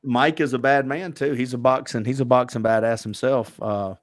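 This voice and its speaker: A man's voice: mid-range voice, fairly even intonation, moderate pace, no room sound, clean studio sound. A middle-aged man hosting a podcast interview, telling stories in a chatty way with many fillers. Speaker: podcast host. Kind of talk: casual interview chat.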